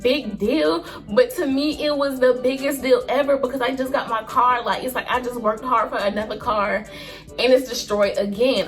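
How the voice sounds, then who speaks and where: A young woman in her early twenties with a high voice, telling a vlog storytime in an animated, slangy way. Her delivery is expressive and lively. Faint music plays underneath. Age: early 20s. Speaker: vlogger.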